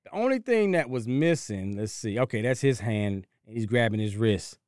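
A man's voice: mid-range voice, lively intonation, normal speed, darkish tone, clean tone, dry recording, studio quality. A man co-hosting a podcast, bantering in a joking, slangy way. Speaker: podcast co-host. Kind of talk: casual chat.

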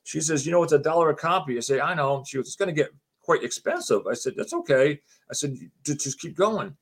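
A man's voice: a little high, big pitch swings, fairly quick, slightly rough. A middle-aged man telling a personal story as a guest, retelling the conversations line by line and acting out what people said to him. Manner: chatty, often says "she goes" and restarts his sentences. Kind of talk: casual spoken anecdote.

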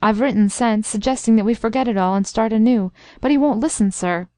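A woman's voice: on the high side, fairly quick, darkish tone, no echo, close to an everyday voice. A stubborn, earnest young man, as a woman narrator puts him on holds his ground in firm words. The storybook reading is dry and close.

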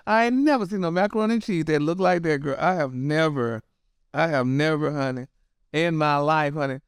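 Brief: high-pitched, smooth-voiced male gossip host, sassy and dramatic, dry close sound. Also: brisk, dry recording. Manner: sassy, dramatic, keeps saying honey and girl. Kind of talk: casual gossip commentary.

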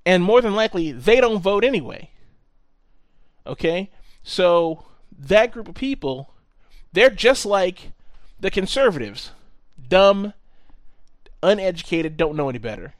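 A man with a fairly high voice rants casually on a podcast, swearing freely and laying on the sarcasm. The sound is dry and close, with no room around it. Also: big pitch swings, a little slow, dry recording. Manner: profane, ranting, sarcastic. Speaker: podcast co-host. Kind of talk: casual chat.

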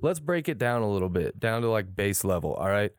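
A young man co-hosting a casual podcast, telling a story in an animated, profane way. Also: fairly low pitch, fairly quick, dry recording, studio quality. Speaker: podcast co-host. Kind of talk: casual chat.

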